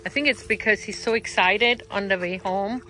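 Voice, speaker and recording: A woman's voice: medium pitch, normal speed, bright, forceful tone, slight background noise. A young woman vlogging about her pet dogs, talking casually and cooing to them in baby talk. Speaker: pet vlogger, dog owner.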